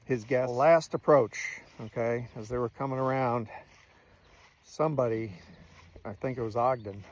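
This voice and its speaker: A man's voice: medium pitch, measured pace. A man in his sixties, a Navy veteran telling a casual war story in a blunt, salty way and swearing freely.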